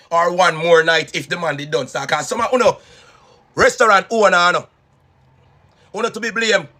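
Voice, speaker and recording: A man's voice: sits high, pushed and bright. A man ranting in a mocking, repetitive way in a reaction video. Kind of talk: heated video rant.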